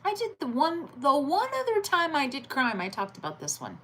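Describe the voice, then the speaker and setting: Woman streamer, bouncy pitch, greets chat and reads crime headlines from home. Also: huge pitch swings, moderate pace, fairly bright tone, slight background noise. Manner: chatty, greets viewers by name, reads headlines aloud. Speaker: livestream host. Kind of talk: late-night crime news livestream chat.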